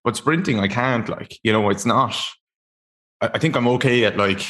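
A man's voice: medium pitch, moderate pace, a bit bright. An Irish man hosting a podcast in casual chat, rambling and self-deprecating, often stumbling over his words. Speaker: podcast host.

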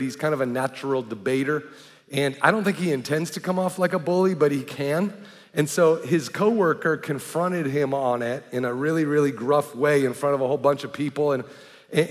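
A man's voice: a little high, in a large hall. A man preaching a sermon as pastor in a conversational way, often checking in with his listeners through rhetorical questions.

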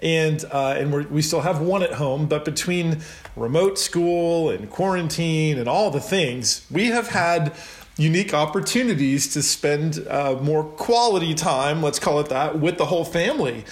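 A man's voice: fairly high pitch, animated, normal speed. A middle-aged man hosting a casual podcast interview, upbeat and chatty, teasing his guest. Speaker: podcast host. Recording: roomy echo.

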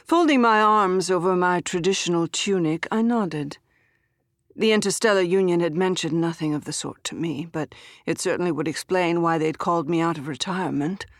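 A woman narrating a first-person story in a measured, expressive way. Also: lowish voice, no echo, clean studio sound. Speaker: audiobook narrator.

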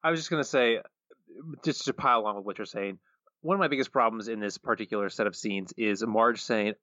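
A man's voice: mid-range voice, a little fast, sharp tone, no echo, dull audio. A man co-hosting a podcast, laying out how a TV episode should have been written in a methodical, casual way. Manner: methodical, prescriptive critique. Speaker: podcast co-host.

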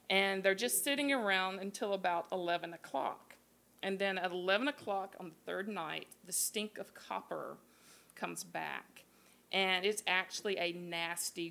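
A woman hosting a live podcast, retelling a scary campfire tale in a casual, profane, animated way with quoted voices. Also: on the low side, creaky. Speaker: podcast host. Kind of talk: casual storytelling. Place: live show at a beer garden.

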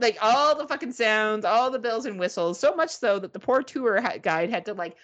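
A woman's voice: sits high, animated, moderate pace, hardly any pauses, fairly bright tone. A woman co-hosting a podcast, telling a story in casual, profane chat and mimicking beeping gadgets. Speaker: podcast co-host.

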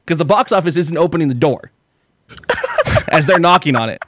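Animated storytelling man, dry close sound. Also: on the high side, fast talker, dry recording. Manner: animated, swearing, acts out quotes. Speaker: podcast host. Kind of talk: casual storytelling chat.

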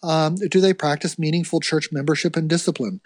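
A man's voice: on the high side, fairly even intonation, fairly quick, no room sound, studio quality. A man who is a podcast guest, explaining earnestly in casual conversation and often restarting his sentences. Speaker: podcast guest, ministry editorial director.

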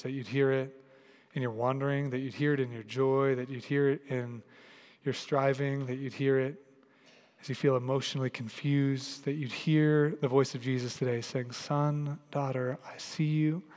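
A man preaching a sermon and leading a prayer in a large church, in an earnest, repetitive cadence that grows softer in prayer. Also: medium pitch, level tone, moderate pace. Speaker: pastor. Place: large church hall with a congregation. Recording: long reverb of a large church hall.

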